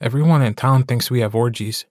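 A man's voice: mid-range voice, a little fast, a little mellow, no echo, studio quality, lightly acted. Man doing a brash, teasing young guy. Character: cocky, joking young man.

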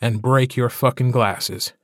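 A man's voice: medium pitch, steady tone, takes it slowly, dry recording, studio quality, lightly acted. A man voicing a grumpy grown man in an audiobook, grumbling and threatening.

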